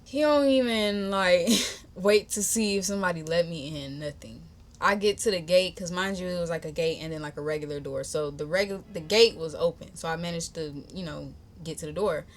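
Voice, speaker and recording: A young woman hosting a podcast, telling a personal story in a chatty, animated, slangy way and talking straight to her listeners. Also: lowish voice, brisk, a little hiss or hum. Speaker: podcast host. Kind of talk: casual storytime.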